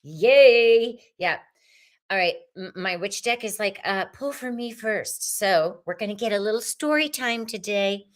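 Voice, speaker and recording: A woman hosts a live tarot stream in a loose, effusive way. She chats with her viewers between cards and greets them by name. Her voice sits at an ordinary middle pitch. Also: lively intonation, a little slow.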